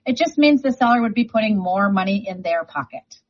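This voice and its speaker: A confident woman talks about the housing market on a radio segment, leaning hard on her points in a chatty way. Her voice is a little husky, with a frog in her throat, and the broadcast audio sounds dull and lo-fi. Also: mid-range voice, lively intonation, brisk. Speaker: real estate agent guest.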